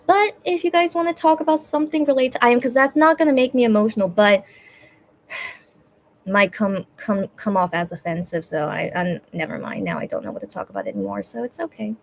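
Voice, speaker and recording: A woman's voice: mid-range voice, a little hiss or hum. A young woman hosting a casual livestream chat. She hesitates and restarts often and sounds close to tears. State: teary, on the verge of crying. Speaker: livestream host.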